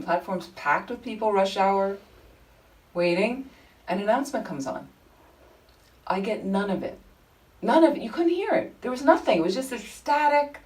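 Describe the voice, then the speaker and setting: A woman leading a Buddhist study group, telling anecdotes in an informal, animated way. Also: mid-range voice, far from the mic, poor audio. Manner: chatty, animated storytelling with frequent laughter. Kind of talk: informal teaching talk with anecdotes. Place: group meeting room.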